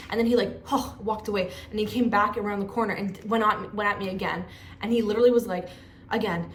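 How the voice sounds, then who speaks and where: A young woman vlogger telling stories in a chatty, animated way, full of fillers. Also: mid-range voice, fairly quick. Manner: chatty, animated, lots of 'like'. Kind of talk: casual storytelling vlog. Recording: echoey room with faint noise.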